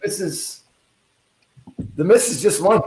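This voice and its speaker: A man co-hosting a podcast chat from his home kitchen, his slightly high voice bouncing around the echoey room. He teases the guests in a playful, casual way. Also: lively intonation, takes it slowly, darkish tone. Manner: teasing, playful. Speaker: podcast co-host.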